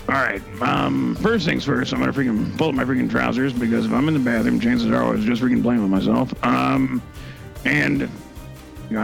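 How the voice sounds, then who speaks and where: A man's voice: mid-range voice, vocal fry. A man improvising a comedy role-play, brash and blustering, forcing "freaking" into nearly every phrase. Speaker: improv player.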